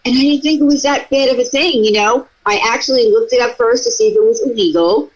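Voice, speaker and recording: A woman's voice: fairly high pitch, fast, lo-fi sound. Woman telling a rambling, profane story. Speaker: co-host. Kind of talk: casual storytelling chat.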